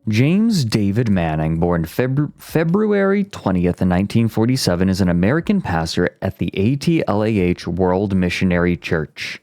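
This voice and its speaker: A male streamer chatting casually, joking, reacting out loud and reading aloud from a web page. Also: sits low. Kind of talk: casual livestream chat. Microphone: streaming mic.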